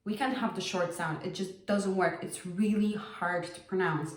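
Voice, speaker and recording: Lady teaching pronunciation, real slow and careful, roomy echo. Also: on the low side, fairly even intonation. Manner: slow, careful, repeats sounds for learners. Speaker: language teacher. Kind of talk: language lesson.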